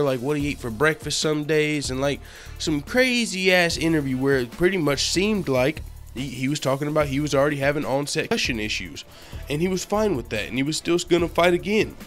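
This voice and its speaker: Dude ranting about mma news, swears constantly, keeps cracking up, bit of a high voice. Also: male voice, fairly quick, soft background music. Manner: profane, laughs often, excitable. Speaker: MMA news channel host. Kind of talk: casual commentary vlog.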